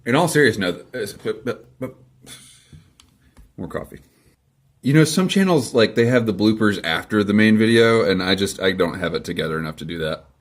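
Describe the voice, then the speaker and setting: A man with a lowish voice talks casually to the camera from his garage, answering comments. His delivery is dry and sarcastic. He rambles through self-deprecating asides. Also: expressive, moderate pace. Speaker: vlogger answering viewer comments. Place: home garage.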